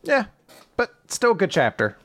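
A man's voice: sits high, wildly swooping pitch, moderate pace, no room sound, studio quality. A man co-hosting a casual show who recaps comic chapters in a loose way and laughs easily. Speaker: podcast co-host.

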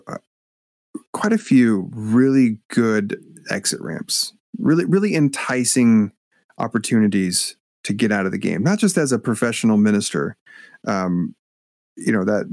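A man, a guest author and minister, telling a story in a podcast interview with animated, halting delivery. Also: lowish voice, no echo, clean studio sound. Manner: animated, acts out voices when retelling, halting restarts.

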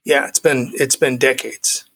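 A man's voice: mid-range voice, level tone, unhurried, a bit bright. A middle-aged man in his forties, a guest telling a personal recovery story, acting out the dialogue he quotes.

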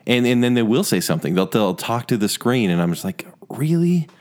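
A man's voice: lowish voice, fast. A man co-hosting a casual chat, telling wry, mock-exasperated stories. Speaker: podcast co-host. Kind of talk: casual chat about movie etiquette.

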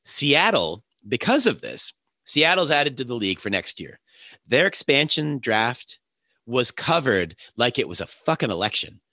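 A man's voice: medium pitch, big pitch swings, a little slow, pushed and bright, no room sound, clean studio sound. A man hosting a casual podcast chat, joking and swearing freely, his throat congested with phlegm. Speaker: podcast host.

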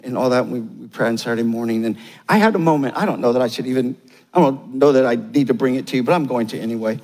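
An older man, a pastor, preaching a sermon with animated repeated lines, then telling a quiet personal story. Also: fairly high pitch, breathy edge, long reverb tail.

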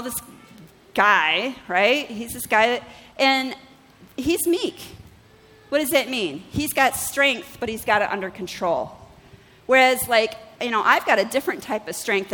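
A woman pastor preaching a sermon, telling stories with lively acted-out dialogue and asking the congregation questions. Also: on the high side, in a large hall, rough recording. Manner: animated storytelling, acts out her own dialogue with God. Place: church.

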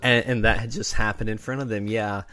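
A man's voice: fairly low pitch, fairly even intonation, fairly quick, bright, forceful tone. A man co-hosting a podcast, retelling old wrestling moments in casual chat, enthusiastic and full of "like". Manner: enthusiastic, fillers like "like". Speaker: podcast co-host.

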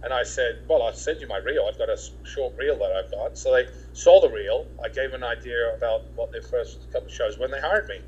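A man's voice: mid-range voice, brisk, hardly any pauses, slightly rough, muffled recording. A man from England, a guest in a casual interview, telling his story in a rambling way with many restarts and quoted dialogue.

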